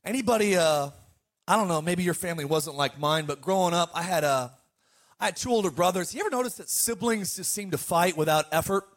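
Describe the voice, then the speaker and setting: High-voiced animated male pastor preaching. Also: brisk. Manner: animated storytelling, calls to the congregation. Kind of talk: sermon.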